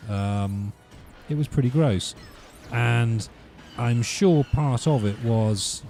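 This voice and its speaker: A man's voice: medium pitch, takes it slowly, warm tone, faint music behind. A man hosting a let's play, rambling through wry, ranting commentary while he plays.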